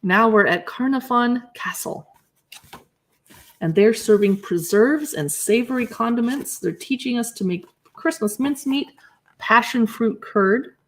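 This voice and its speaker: In a fairly high, unhurried voice, a livestream shopping host reads recipe titles from a cookbook aloud and comments briefly on each one. She chats casually, welcoming viewers and replying to their comments.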